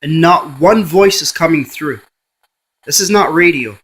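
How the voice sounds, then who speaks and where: A man's voice: a little high, a little slow, fairly bright tone, breathy edge, poor audio. A man, a paranormal investigator, running a spirit box session and coaxingly calling a spirit by name.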